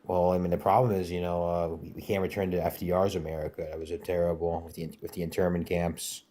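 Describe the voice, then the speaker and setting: A man's voice: low voice, little pitch movement, fast talker, dark tone. A man calling into a live debate, trolling and hesitant, starting lines with stock fillers. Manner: hesitant, leans on "well, I mean" fillers. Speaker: caller.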